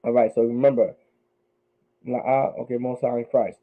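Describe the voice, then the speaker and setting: A man teaching a language class, slowly repeating words and drilling pronunciation for his students. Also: mid-range voice. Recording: tinny phone-line sound.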